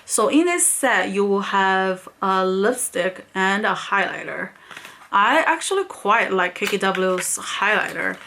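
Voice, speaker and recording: Young woman vlogger, bright, tense voice, exasperated casual rant. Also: medium pitch, lively intonation, a little slow, creaky. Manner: exasperated, repeats "like" and "honestly" often. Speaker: beauty vlogger. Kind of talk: casual ranting storytime.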